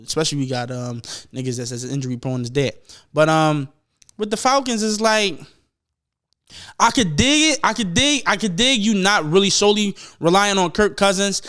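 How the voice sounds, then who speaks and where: A young man hosting a podcast, ranting casually and profanely about football, rambling and mimicking people in quick asides. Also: sits high, pushed and bright, smooth. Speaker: podcast host. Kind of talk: casual sports rant.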